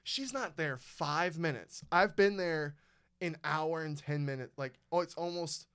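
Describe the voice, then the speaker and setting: A young man tells a story on his podcast in loose, swearing chat and slips into the voices of the people he quotes. His voice sits a little high and sounds smooth and clear. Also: unhurried, fairly bright tone. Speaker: podcast host.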